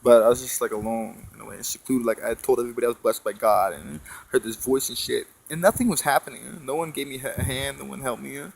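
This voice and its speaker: A man's voice: mid-range voice, steady tone, fast talker, creaky, hardly any pauses, a little hiss or hum, poor audio. A man telling a long personal story in a meandering monologue, swearing often and leaning on fillers and tag questions. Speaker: storyteller recounting spiritual experiences.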